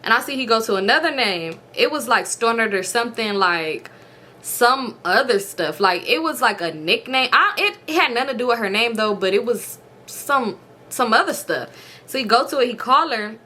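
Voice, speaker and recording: A young woman telling a storytime to her viewers, animated and blunt, acting out quoted dialogue in a raised voice. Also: a little high, moderate pace. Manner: blunt and profane, slangy. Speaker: storytime vlogger.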